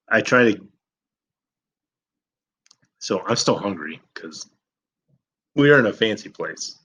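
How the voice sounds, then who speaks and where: Low-voiced man rambling through a story. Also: fairly bright tone, breathy edge, rough recording. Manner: rambling, self-deprecating, swears freely. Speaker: vlogger. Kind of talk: casual storytelling.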